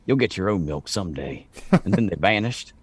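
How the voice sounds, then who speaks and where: A man putting on a folksy old farmer with a slack-jawed drawl, rambling through his own letter. The voice sits low and close, with a dry, deadened sound. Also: animated, brisk, husky, no room sound.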